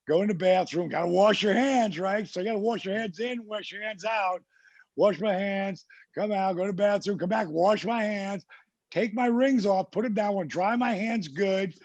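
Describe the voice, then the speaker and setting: A man from New Jersey, a podcast guest, telling a casual story in an animated way and acting out the people he quotes. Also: high-pitched, moderate pace, creaky, no room sound, muffled recording. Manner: animated anecdote teller who acts out the people he quotes.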